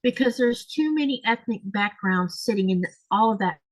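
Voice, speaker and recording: A woman's voice: medium pitch, expressive, normal speed, rough recording. A woman in her sixties with a Florida accent, hosting a casual crafting chat, wandering and correcting herself as she goes. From Florida, USA. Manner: rambling, self-correcting with fillers. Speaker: quilting channel host.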